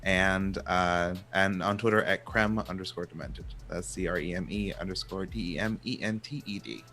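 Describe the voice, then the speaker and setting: A man's voice: deep voice, moderate pace, bright, forceful tone. A man introducing himself as a tabletop game player, chatty and spelling things out. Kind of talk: casual self-introduction.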